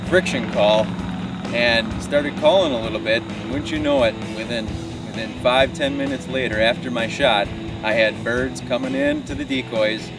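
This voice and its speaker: A man hosting a hunting show, telling the story of his hunt in a relaxed, conversational way. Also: mid-range voice, recorded from a distance. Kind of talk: recap voice-over.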